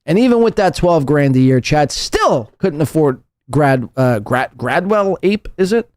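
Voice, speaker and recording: Man, podcast host, mocking and profane, very lively pitch, dry close sound. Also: normal speed, no echo. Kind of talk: casual live-stream commentary.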